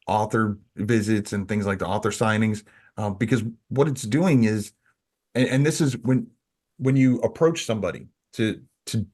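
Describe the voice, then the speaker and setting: Brief: male podcast co-host, lowish voice, loose rambling delivery. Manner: rambling, many restarts and "you know". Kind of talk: casual podcast chat.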